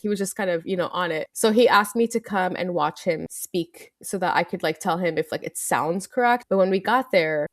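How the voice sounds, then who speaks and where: A woman chatting on a podcast, telling a long story in a loose, rambling way full of fillers. Her voice sits at a middling pitch. The sound is dry and close. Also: dry recording. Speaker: podcast guest. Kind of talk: casual chat.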